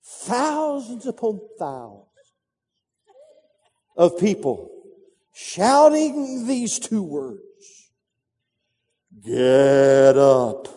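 A man's voice: very high-pitched, very animated, very slow, long pauses, warm tone, husky. A man preaching a sermon, telling a story dramatically with sound effects and repetition. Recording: reverberant hall.

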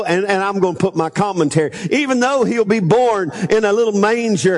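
A male pastor with a notably high voice delivers a loose, conversational Sunday sermon. He regularly asks the congregation to say phrases back to him. His voice carries a long reverb from a church sanctuary. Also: a little mellow. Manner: conversational preaching with call-and-response prompts.

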